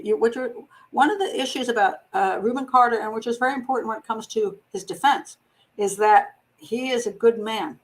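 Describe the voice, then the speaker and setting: A woman's voice: medium pitch, low-quality recording. A woman hosting a show reads a book aloud and breaks off with wry, chatty asides about the text. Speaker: host. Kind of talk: reading a book aloud with commentary.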